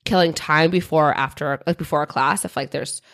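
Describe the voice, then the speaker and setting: A young woman chatting casually on a podcast, her voice sitting a little low and her words tumbling out quickly. She rambles, padding her sentences with fillers. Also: a bit bright, dry recording, clean studio sound. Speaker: podcast co-host. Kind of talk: casual chat.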